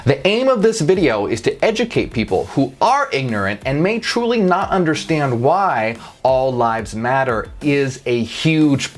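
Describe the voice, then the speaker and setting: A woman hosting her channel, giving a blunt, emphatic persuasive monologue to camera. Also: very deep voice. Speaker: channel host.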